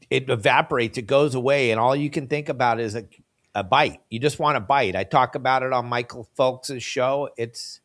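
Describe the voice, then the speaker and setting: A man hosts a fishing podcast in a fired-up, ranting way. He hammers his points with emphatic passion. His voice sits a little high for a man. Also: fairly bright tone. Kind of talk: heated podcast talk.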